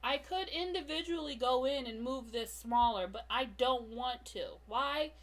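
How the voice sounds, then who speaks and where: A young woman with a high voice walks viewers through her comic work on a casual live stream. She is chatty and self-mocking, laughs often, and talks back to her slow computer while she waits. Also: a bit bright. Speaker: comic artist streaming a drawing tutorial.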